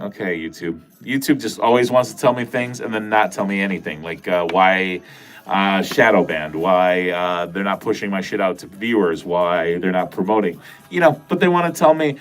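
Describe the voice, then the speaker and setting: Chatting casually with viewers on his livestream, this Wisconsin man rambles along and curses occasionally. His voice is low and nasal with a Wisconsin accent, and he speaks at normal speed.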